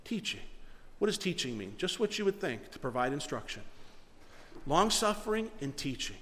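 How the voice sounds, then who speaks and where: A middle-aged man preaches to his congregation, earnest and emphatic, pushing some phrases hard and letting others fall quiet. His voice sits a little high for a man. The sound carries a long reverb from the church hall around him. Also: big pitch swings, normal speed. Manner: earnest, emphatic preaching with rising and falling volume. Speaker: pastor. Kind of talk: sermon.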